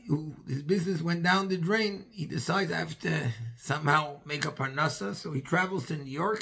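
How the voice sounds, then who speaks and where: A rabbi telling a story in a sermon, acting out the dialogue with a husky voice and dropping in Yiddish and Hebrew terms. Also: male voice, high-pitched, bright, forceful tone.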